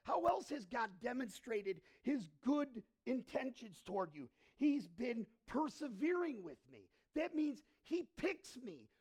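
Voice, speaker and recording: A male pastor preaching a sermon, often asking the congregation questions and swinging between hushed and emphatic delivery. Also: very high-pitched, big pitch swings, measured pace, few pauses, slightly rough.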